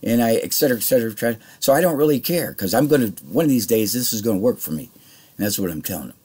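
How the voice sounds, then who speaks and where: A man's voice: medium pitch, lively intonation, rapid-fire, darkish tone, husky. A man telling a rambling, heated story in casual speech, swearing freely. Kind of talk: casual spoken anecdote.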